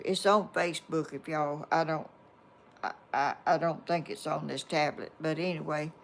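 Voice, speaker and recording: An older woman, telling a rambling personal story to her viewers in a homespun, meandering way. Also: on the low side. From Georgia, US. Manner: homespun, meandering, reads viewer comments aloud. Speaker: vlogger.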